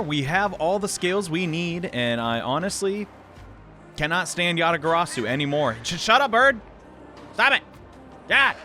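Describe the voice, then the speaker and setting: A man casually talking over his gameplay, wry and sarcastic with a lively, bouncing delivery. His voice is bright and a little sharp, with faint music underneath. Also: medium pitch. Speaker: let's play host.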